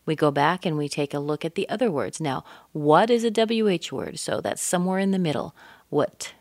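A woman teaching English pronunciation, speaking deliberately and modeling words with exaggerated stress. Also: low voice, a little mellow, no room sound. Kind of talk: pronunciation lesson.

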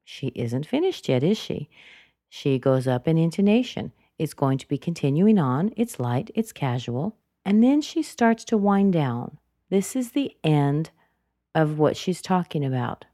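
A woman teaching English intonation, repeating single words slowly to show how they rise and fall. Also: deep voice, lively intonation, mellow, no room sound, studio quality. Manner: slow and deliberate, repeating words to model intonation. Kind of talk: explaining intonation.

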